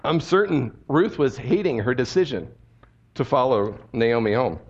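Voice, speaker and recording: A male pastor preaching a sermon in an animated, conversational storytelling manner. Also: mid-range voice, normal speed, breathy edge, highs cut off.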